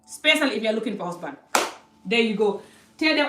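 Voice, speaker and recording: A woman's voice: fairly high pitch, lively intonation, quick pace, noisy background. A woman vlogger lecturing the viewer directly, emphatic and scolding. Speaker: vlogger giving advice. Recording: roomy, distant from mic.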